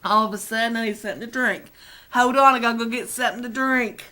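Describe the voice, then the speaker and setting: A woman's voice: on the high side, fast talker, bright, forceful tone. A middle-aged woman, chatting to her webcam in a rambling, self-deprecating way, teary and close to crying. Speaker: video blogger. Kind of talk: casual chat to camera.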